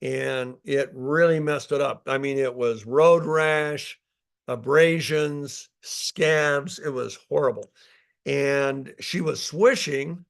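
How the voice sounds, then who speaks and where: Gravelly-voiced older man telling stories. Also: mid-range voice, slow. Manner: storytelling, emphatic, with frequent fillers and restarts. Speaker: company founder. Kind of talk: live product talk.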